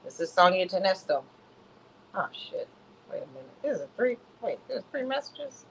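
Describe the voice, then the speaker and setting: A woman's voice: mid-range voice, very animated, moderate pace, a little hiss or hum. A woman doing a comic dramatic reading, dropping wry, chatty asides in a casual way. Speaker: comic reader.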